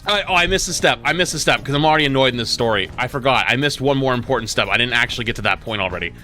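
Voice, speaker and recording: A man's voice: medium pitch, racing, soft background music. A man streaming, casually telling a profane, exasperated story about his day. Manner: animated, profane, exasperated retelling.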